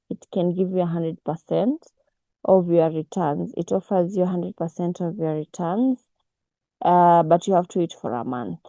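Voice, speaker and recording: A woman, teaching a casual online forex class over a video call, unhurried and full of restarts. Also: fairly low pitch, mellow, no echo, poor audio. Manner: unhurried, with many restarts and fillers. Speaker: forex mentor.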